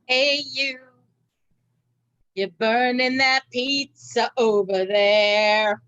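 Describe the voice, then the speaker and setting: A woman's voice: on the high side, steady tone, extremely slow, fairly bright tone, highs cut off. A woman playing a teasing, bossy lounge manager in an online improv comedy scene.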